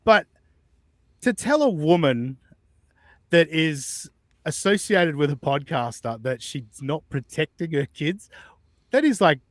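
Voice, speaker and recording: Male host, slightly high voice, dry close sound, chatty, swearing. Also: lively intonation, slow pace, long pauses, no echo. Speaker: podcast host. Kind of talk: casual reaction commentary.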